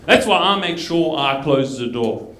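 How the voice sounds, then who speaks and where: A man doing a stand-up routine, delivering a lively mock narration. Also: a little high, measured pace. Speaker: stand-up comedian. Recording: echoey club with crowd.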